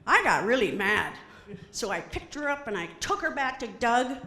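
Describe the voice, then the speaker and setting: A middle-aged woman performing a stand-up comedy set, animated and acting out quoted voices. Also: fairly high pitch, moderate pace, roomy sound. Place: comedy stage before an audience.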